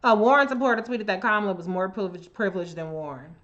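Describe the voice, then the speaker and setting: A US woman hosting a livestream rants about politics in an emphatic, profane, confrontational way, aiming her words straight at commenters. Her medium-pitched, fairly bright voice moves fast with lively intonation, and the sound is lo-fi.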